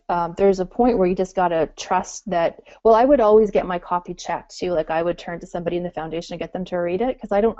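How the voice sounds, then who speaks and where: A middle-aged woman talking casually in an interview and acting out her customers' excited reactions. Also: on the low side, dry recording. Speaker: guest entrepreneur. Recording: muffled call audio.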